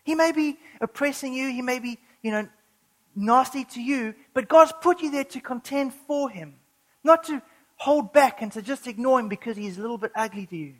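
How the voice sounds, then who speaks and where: A woman preaching a sermon, earnest, building to urgent emphasis and slowing down when reading scripture. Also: high voice, rough recording.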